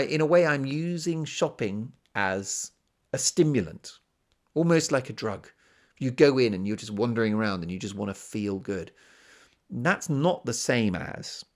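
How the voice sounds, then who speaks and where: A slightly low-voiced man from Britain hosts a solo podcast in casual monologue. He rambles and mocks himself, drifting into asides and catching his thread again. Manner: chatty, self-mocking, rambling with asides. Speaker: podcast host.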